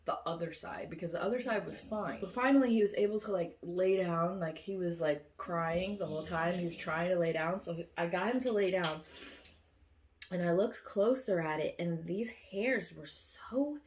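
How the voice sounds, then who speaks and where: This woman, a vlogger, tells the long story of a dream in a loose, rambling style packed with fillers and false starts. Her pitch is fairly low and her pace moderate, and she performs her own quoted lines loudly.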